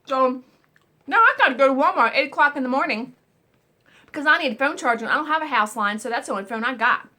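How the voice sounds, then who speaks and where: Woman vlogging and telling stories, pretty high voice, bright, super animated, swears a bit. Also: quick pace. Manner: animated, swears casually, exclamatory; eating while talking. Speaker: vlog host. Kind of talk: casual storytelling vlog.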